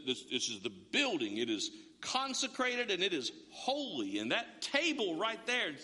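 A man preaching a sermon as pastor, conversational and humorous, telling the story with animated asides. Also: high voice. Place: church sanctuary. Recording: long echo of a large hall.

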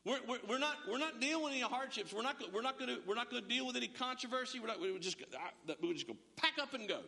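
An emphatic male pastor preaches to a streamed congregation in a high, bright voice. He leans on rhetorical questions and stumbles into quick restarts. His words hang in the long reverb of a large church hall. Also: expressive, creaky. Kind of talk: sermon.

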